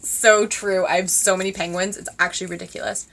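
A woman in her twenties chatting casually to her viewers as she unboxes gifts, gushing and excitable with lots of fillers. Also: mid-range voice, fairly quick, vocal fry. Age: 20s. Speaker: vlogger.

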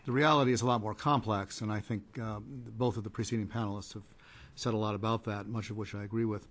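A man giving conference panel remarks as a trade policy advocate, measured and hesitant with many fillers and restarts. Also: fairly low pitch, fairly even intonation, fairly bright tone.

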